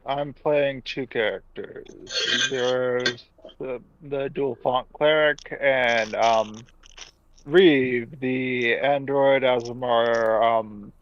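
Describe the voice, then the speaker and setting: A man player introducing himself slowly and haltingly, with many ums. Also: mid-range voice, dull audio. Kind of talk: casual chat.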